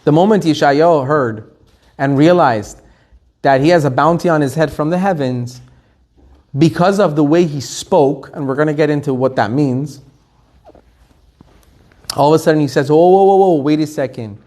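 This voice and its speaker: A man, a rabbi, teaching a Torah class, telling the story with lively, acted-out quotes. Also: on the high side, moderate pace, long pauses. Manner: animated storytelling, acting out quotes.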